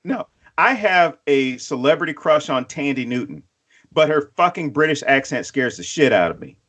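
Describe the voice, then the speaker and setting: A man co-hosting a podcast, telling stories in a profane, animated way and acting out quotes. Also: on the high side, normal speed. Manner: acts out quotes in other voices. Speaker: podcast co-host. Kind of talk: casual chat.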